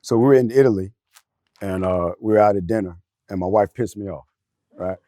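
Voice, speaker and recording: A man's voice: fairly low pitch, fairly quick, dry recording. Middle-aged guy telling a story on a podcast, loose casual talk, dry close mic. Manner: storytelling, animated, street-casual phrasing. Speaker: podcast panelist.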